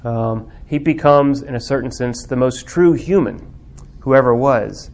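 A man's voice: medium pitch, measured pace, a little mellow. Guy teaching a bible class, thoughtful, lots of ums, gets fervent. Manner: reflective, with many fillers, rises to fervent emphasis. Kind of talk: lecture on theology and religious art.

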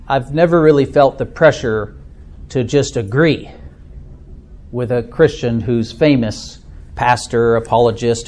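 A man's voice: mid-range voice, darkish tone. Chatty middle-aged man with an Upper Midwest accent. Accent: Upper Midwest American. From Minnesota. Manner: chatty and self-deprecating, many fillers. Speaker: church discussion leader. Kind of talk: informal talk to a small group.

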